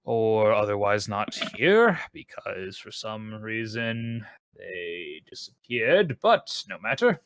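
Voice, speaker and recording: A man's voice: fairly low pitch, sing-song, takes it slowly, fairly bright tone, no echo. A man talking in character as a tabletop roleplaying player, playful and teasing.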